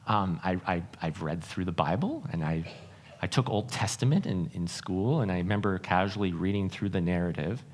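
Lively, earnest male preacher. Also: sits low, moderate pace. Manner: earnest, self-deprecating, with frequent restarts. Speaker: pastor. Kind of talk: sermon.

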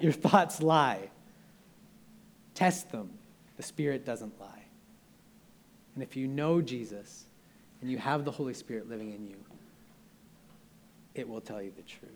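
A man's voice: medium pitch, a little mellow. A young man preaching a sermon in an earnest, conversational way, often restarting his sentences.

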